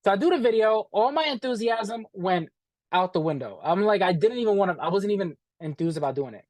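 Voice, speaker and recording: A man telling a story as an interview guest, animated and profane, acting out what people said and calling the listener "bro". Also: sits high, a little fast, dry recording. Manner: animated, profane, acts out quoted dialogue, says "bro". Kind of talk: casual storytelling.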